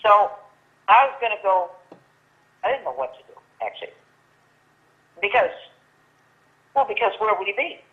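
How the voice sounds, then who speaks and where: Older female guest on a phone line, animated storyteller who plays out the quotes. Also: mid-range voice, normal speed, long pauses. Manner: lively storyteller acting out quoted dialogue, many restarts. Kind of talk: storytelling in casual chat. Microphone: telephone.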